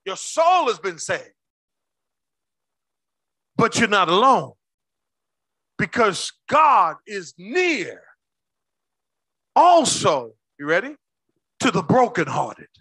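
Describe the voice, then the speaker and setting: A man preaching a sermon as pastor, quizzing his congregation with quick questions and slowing down hard to stress key words. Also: high voice, big pitch swings, pushed and bright, husky, dry recording. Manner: call-and-response questions to the congregation.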